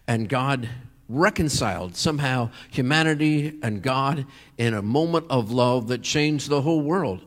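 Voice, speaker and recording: An earnest male pastor delivers a sermon at a middle pitch, his voice lifting to emphatic peaks on key phrases. The sound carries a long reverb, as in a large hall.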